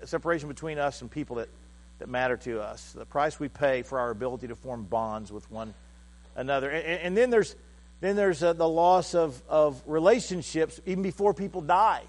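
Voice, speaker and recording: A male pastor preaching a sermon in a halting, heartfelt way, often repeating words as he restarts. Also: on the high side.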